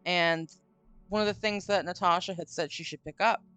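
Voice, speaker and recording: A woman's voice: fairly low pitch, fairly even intonation, moderate pace, fairly bright tone, smooth, no room sound. A woman hosting a live stream, chatting casually and telling a long, rambling story with some swearing. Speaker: streamer host. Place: home stream room. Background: faint spooky music.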